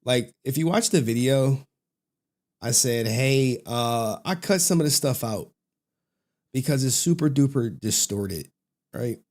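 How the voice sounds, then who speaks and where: A male commentary host talking loosely to his viewers. He tells stories in an animated way, drops into slang and laughs often. His voice sits at a middle pitch. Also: measured pace. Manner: animated, joking storyteller who laughs often and slips into slang. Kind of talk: casual commentary.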